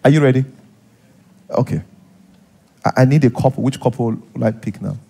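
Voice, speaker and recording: A man's voice: medium pitch, moderate pace, gravelly, warm tone, slightly rough. A man with a Nigerian accent, a pastor preaching a sermon in a church, acting out little scenes and repeating points for emphasis. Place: church hall.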